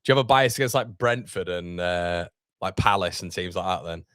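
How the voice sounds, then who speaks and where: A man's voice: low-pitched, a little fast, fairly bright tone, clear, resonant tone, no room sound, clean studio sound. Chatty man streaming football. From Yorkshire, England. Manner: chatty, reads viewer chat aloud, calls people mate. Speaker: watchalong streamer. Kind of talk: live football watchalong chat and commentary.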